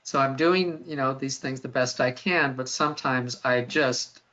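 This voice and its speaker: A man's voice: mid-range voice, a little slow, sharp tone. A man interviewing a guest in a webinar, thinking aloud with restarts and repeated words. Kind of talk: conversational webinar questions. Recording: dull lo-fi webinar audio.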